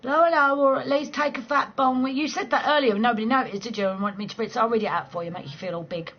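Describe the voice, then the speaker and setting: A woman's voice: fairly high pitch, fast talker, dull audio. A woman, chatting casually and playfully on a late-night livestream from home, swearing freely and laughing often. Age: 40s. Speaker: livestream host chatting with viewers.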